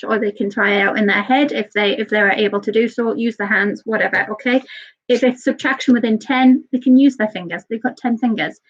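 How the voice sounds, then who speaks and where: A woman teaching a live online maths lesson to young children, patient and a little nervous, checking in with "okay?" often. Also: a little high. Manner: patient, repeats "okay?" often, talks a bit fast and nervous. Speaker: early years teacher. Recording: slightly dull lo-fi sound.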